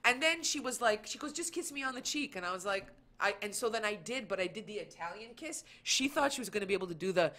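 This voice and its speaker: A woman comedian chatting casually as a guest, telling anecdotes in an animated way and acting out the lines of the people in them. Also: mid-range voice, fast, few pauses. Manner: animated storytelling, acts out quoted lines. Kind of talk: casual chat.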